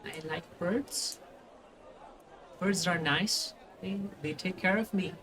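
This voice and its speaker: A man's voice: sits high, takes it slowly, a crowd in the background, background noise, voice pushed up. A man playing a timid little masked boy. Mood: wistful. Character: timid hopeful young slum boy in a bird mask.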